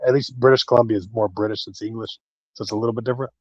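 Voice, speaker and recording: A man's voice: fairly low pitch, steady tone, rapid-fire, darkish tone, dry recording. A man on a live stream panel who talks in a rambling, casual way. His voice comes over a slightly dull, muffled line. It sounds dry, with no room around it.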